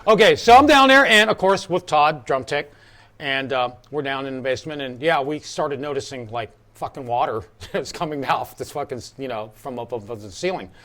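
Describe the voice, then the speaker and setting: A man telling a profane, animated story from his days on tour with a band, casually chatting with a friend. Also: medium pitch, normal speed.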